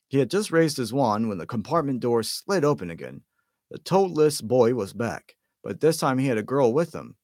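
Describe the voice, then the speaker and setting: A man reading a storybook aloud in a lively way, with stumbles and self-corrections. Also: mid-range voice, moderate pace, no echo, studio quality. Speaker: amateur audiobook reader. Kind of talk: storybook narration.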